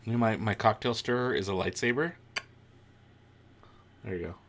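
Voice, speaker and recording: A man's voice: on the low side, moderate pace, fairly bright tone. A man hosting a live watch-along stream, chatting casually with viewers, reacting to the show and laughing often.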